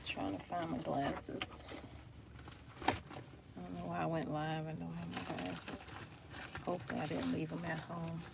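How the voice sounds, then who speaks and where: A woman's voice: low-pitched, flat delivery, unhurried, long pauses. A woman chatting to viewers on a live stream. She sounds tired and frustrated and talks loosely, first from her car and then inside a store, with her phone held up. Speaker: vlogger. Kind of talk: casual live-stream chat. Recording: phone recording with clear background noise.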